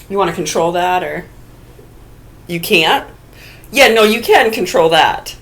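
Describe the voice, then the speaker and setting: A woman's voice: lowish voice, expressive, unhurried, long pauses, a bit bright. A woman in a casual ranting monologue, blunt and profane, firing rhetorical questions at imagined listeners. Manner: argumentative, talks to absent listeners.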